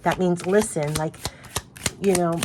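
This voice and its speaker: A woman with a fairly low voice gives a spiritual card reading to her viewers. She talks earnestly and effusively, circling back to the same reassuring messages. Faint background noise sits under her voice. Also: steady tone, a little slow. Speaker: tarot card reader.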